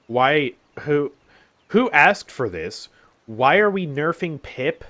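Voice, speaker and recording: A man's voice: fairly high pitch, sing-song, takes it slowly, bright, forceful tone. A young man giving casual gameplay commentary on a game update, sarcastic and exasperated, often sighing and laughing. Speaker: gaming YouTuber.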